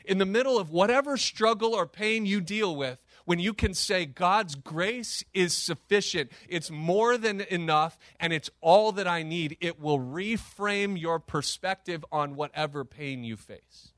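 Animated high-voiced preaching man. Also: a little slow, hardly any pauses, no echo, studio quality. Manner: animated, emphatic preaching with sudden rises and drops. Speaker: pastor. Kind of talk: sermon.

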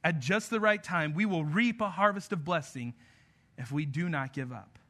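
A man preaching a sermon to parents, earnest, moving between emphatic lines and soft, intimate passages. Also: on the high side, moderate pace. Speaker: pastor.

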